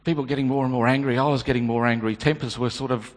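A man's voice: mid-range voice, fairly even intonation, fast, lightly acted. A man performing a dramatic monologue as a remorseful male disciple, stammering and repeating his words. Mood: agitated. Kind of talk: dramatic first-person monologue. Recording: long hall reverb.

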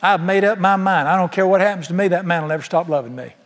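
A male pastor with a voice pitched high for a man preaches in a folksy, emphatic style, peppering the congregation with rhetorical questions. He talks fast, his tone a bit bright, and a long reverb from a large church auditorium hangs on every word.

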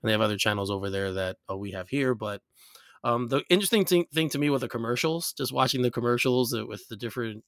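A man's voice: medium pitch, lively intonation, fast, no room sound, clean studio sound. American man rambling in a podcast chat. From United States. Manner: rambling, with many fillers and restarts. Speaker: podcast host. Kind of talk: casual chat. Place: New York.

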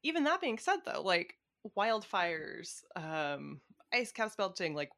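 A woman's voice: on the low side, big pitch swings, slow, a bit bright. A woman talking politics in a casual chat, swearing freely and laughing often.

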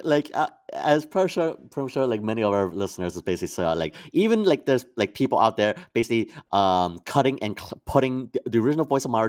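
A lowish man's voice that still moves around a lot in pitch. He rambles in casual podcast chat, circling back and restarting his sentences with plenty of fillers. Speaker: podcast co-host.

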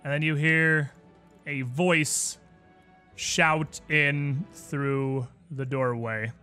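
A man narrating a tabletop role-playing game as game master, in a relaxed, rambling way. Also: fairly high pitch, very slow, clear, resonant tone, soft background music.

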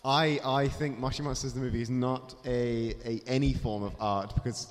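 A man in a mock debate, pressing sharp questions. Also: medium pitch, fairly even intonation, normal speed, big-room sound. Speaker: guest.

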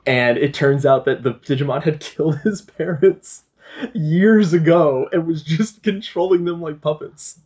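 A man's voice: fairly high pitch, unhurried, darkish tone, slightly rough. A young man hosting a podcast, retelling a film plot in casual chat, swearing and laughing often. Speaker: podcast host.

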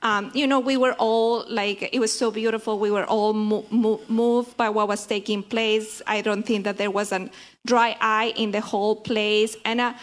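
A woman sharing a heartfelt personal faith testimony in a church group, earnest and halting, with frequent restarts. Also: medium pitch, level tone.

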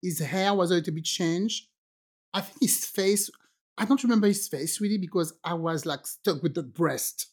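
Lively woman telling a strange story, a bit low-pitched. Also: normal speed, slightly rough. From Guadeloupe, French Caribbean. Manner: animated, acts out quoted voices, many restarts. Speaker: podcast co-host telling a story. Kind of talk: casual storytelling chat.

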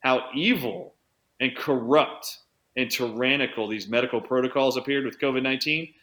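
A man who works as a chiropractor, telling an animated story as an interview guest, changing his pace for emphasis. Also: mid-range voice. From United States. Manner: animated anecdote-teller, speeds up and slows down for emphasis. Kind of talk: conversational storytelling.

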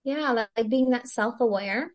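A woman who works as a Christian stress coach chats casually as a podcast guest in an interview. Her voice is fairly high and moderately paced, and she's chatty and reflective, thinking aloud with plenty of "like" fillers.

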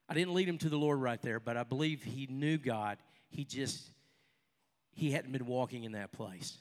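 An older man, a pastor, preaching a sermon and telling stories, with sudden loud bursts and quieter asides. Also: mid-range voice. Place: church hall with a congregation. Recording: long reverb of a large hall.

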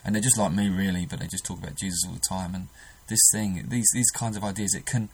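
Gravelly preacher. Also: male voice, low voice, fairly even intonation, fast talker, rough recording. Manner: earnest, emphatic, with restarts. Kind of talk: sermon.

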